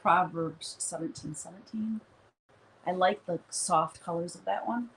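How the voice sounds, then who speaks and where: Woman, live-stream host, casual rambling chat, laughs often, lowish voice, faint background noise. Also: unhurried, fairly bright tone, poor audio. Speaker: artist hosting a live stream. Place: her studio.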